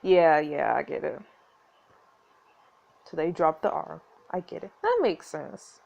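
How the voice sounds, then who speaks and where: An American woman casually reading a story game aloud, chatty and quick to laugh, adding her own asides. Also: sits low, expressive, vocal fry, a little mellow. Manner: chatty, laughs often, reads all parts. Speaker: gameplay narrator.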